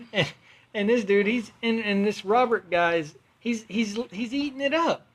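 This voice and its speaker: A man's voice: sits high, measured pace, a bit bright. A man hosting a podcast from home, telling a long story in a rambling, profane, casual way. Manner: rambling, profane, restarts often. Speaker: podcast host.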